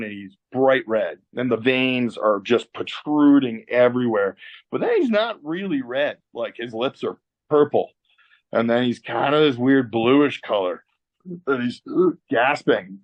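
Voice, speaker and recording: A man's voice: medium pitch, lo-fi sound. A man telling a story as an interview guest in a candid, profane way with lots of fillers. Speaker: tattoo artist guest. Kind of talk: casual storytelling.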